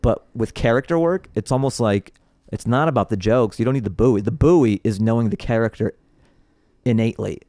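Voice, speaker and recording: A man's voice: medium pitch, a little fast, dry recording, studio quality. A man who is a comedian guest, telling stories in casual podcast chat and laughing often. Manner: animated storyteller, laughs often.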